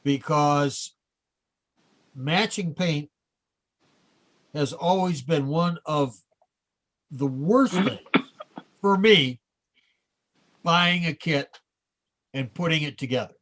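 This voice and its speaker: A man, a guest model kit maker, talking in a halting way with many restarts in a casual group chat. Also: a little high, a bit bright.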